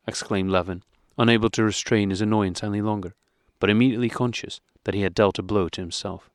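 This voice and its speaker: A man narrating a classic novel as an audiobook in a measured, even way. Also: on the low side, no room sound, studio quality.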